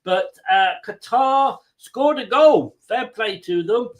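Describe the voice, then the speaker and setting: An Englishman with an extremely high, animated voice talks slowly over a rough recording. He hosts a football watchalong livestream, chatting casually, joking, reading viewers' comments and greeting them by name.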